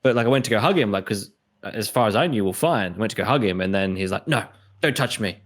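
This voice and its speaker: A man with an Australian accent talks casually on a podcast in a fairly low voice. He tells his stories with energy and acts out other people's lines as he goes. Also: fast. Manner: animated storytelling, acts out quoted voices. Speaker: podcast host. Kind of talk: casual conversation.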